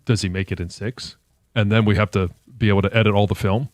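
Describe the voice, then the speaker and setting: A man's voice: fairly low pitch, fairly even intonation, fast talker, no echo. A man co-hosting a radio show, chatting casually, rambling with restarts and self-corrections. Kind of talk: casual sports radio banter.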